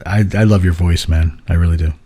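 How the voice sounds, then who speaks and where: A man's voice: sits low, steady tone, brisk, dark tone, husky. A man co-hosting a casual podcast, jokey and laughing often. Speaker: podcast co-host.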